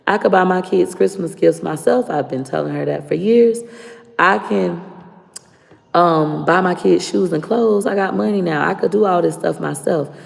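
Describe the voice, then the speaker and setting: A woman's voice: fairly low pitch, normal speed, creaky. A woman streamer talking to her viewers in a blunt, profane, fired-up way. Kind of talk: casual live-stream rant. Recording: roomy echo with long reverb.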